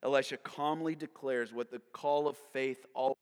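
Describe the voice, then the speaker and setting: A man preaching a sermon as pastor, swinging from hushed whispers to loud shouts and acting out characters playfully. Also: mid-range voice, steady tone, normal speed, hardly any pauses. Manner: dynamic preaching, dropping to whispers and rising to shouts; acts out characters in playful voices. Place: church sanctuary. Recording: long reverb of a large hall.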